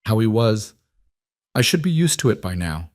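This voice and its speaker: A man's voice: lowish voice, sing-song, normal speed, a little mellow, no echo, studio quality. A man voicing a hurt, fragile woman who speaks in a tight, brittle, shaky way.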